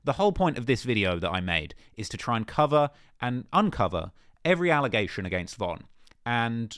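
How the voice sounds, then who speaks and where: A young man talking straight to camera with a jokey, mock-boastful swagger and lots of slang. His pitch jumps around lively, and the recording is dry with no room sound. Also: a little fast, smooth, no room sound. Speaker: YouTuber in a played clip. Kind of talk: casual vlog talk.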